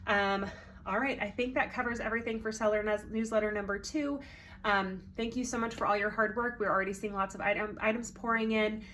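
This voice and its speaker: A woman's voice: medium pitch, fairly even intonation, fairly quick, fairly bright tone, a little hiss or hum. A woman organizing a consignment sale, talking casually to sellers, with many ums, a little congested and out of breath. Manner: chatty, friendly, many ums.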